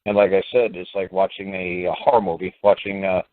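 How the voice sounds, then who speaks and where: A man's voice: deep voice, flat delivery, fairly quick, dry recording. A man with a New York accent talking in a blunt, profane, rambling way on a radio call-in show. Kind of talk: casual radio call-in talk. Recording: dry phone-line audio.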